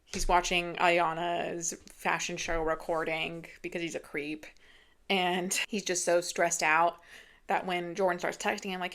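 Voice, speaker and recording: A woman's voice: on the low side, level tone, unhurried, a bit bright. A woman giving a casual, chatty book review rant, retelling the story with lots of "like" and acting out the lines.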